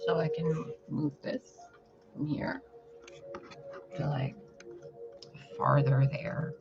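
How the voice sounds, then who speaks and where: Woman card reader, unhurried and casual, dull lo-fi sound with music playing behind, for a relaxed livestream. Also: low voice. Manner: chatty, loose and swears casually.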